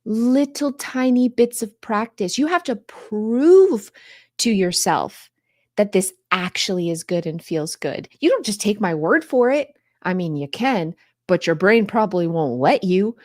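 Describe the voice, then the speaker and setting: A woman's voice: mid-range voice, expressive, a little slow, darkish tone, dry recording, clean studio sound. A woman hosting a live stream on home organizing, talking straight to her viewers in an upbeat, coaxing way and answering their questions.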